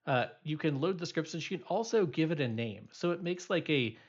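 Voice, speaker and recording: A man's voice: on the high side, expressive, a little fast, lo-fi sound. A male instructor giving a recorded programming lecture, explaining loosely with many fillers and restarts.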